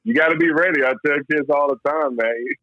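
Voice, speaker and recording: With a slightly high voice and a fast delivery, a man from Louisville, Kentucky, US, who used to play pro baseball shares his story casually in an interview. He's animated, leans on "man" a lot, and keeps restarting, all on dull, dry, lo-fi audio.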